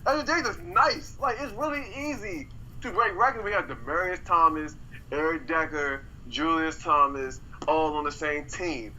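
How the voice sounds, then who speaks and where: A man co-hosting a casual sports podcast, excitable and incredulous, often repeating himself. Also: fairly high pitch, normal speed, a little hiss or hum, rough recording. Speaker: podcast co-host.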